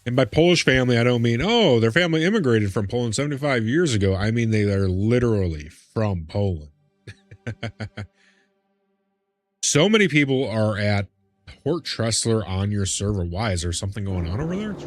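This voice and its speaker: A man's voice: on the low side, sing-song, moderate pace, no room sound, soft background music. A man streaming a game live, chatting casually with viewers in a chummy way and calling them big man. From Midwest US. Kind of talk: casual live-stream chat while gaming.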